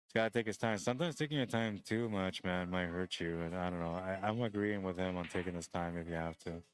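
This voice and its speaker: A man with a deep, just-woke-up voice, rambling and joking as he runs a pool tournament stream and calls the shots, short on sleep. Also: fast talker. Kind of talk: casual live-stream commentary.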